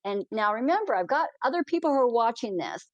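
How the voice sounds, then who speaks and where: A woman's voice: fairly high pitch, quick pace, dry recording. A woman, a balloon pilot, telling a story as an interview guest and acting out the people in it. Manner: animated, acts out the people in her stories. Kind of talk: storytelling in a conversation.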